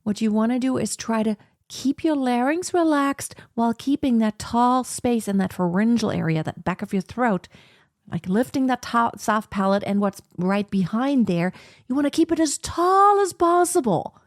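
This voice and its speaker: A woman teaching singing, explaining slowly and breaking into sung operatic soprano examples. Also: on the high side, animated, no echo, clean studio sound. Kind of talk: vocal lesson with sung demonstrations.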